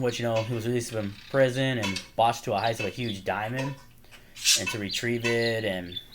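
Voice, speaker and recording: Man, casual fan vlogger, mid-range voice, eager rambling retellings, noisy home take with birdsong. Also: medium pitch. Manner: excited, rambling retelling of movie scenes with laughs. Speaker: movie fan showing his collection. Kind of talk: casual chat to camera. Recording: noisy home recording with birds chirping behind.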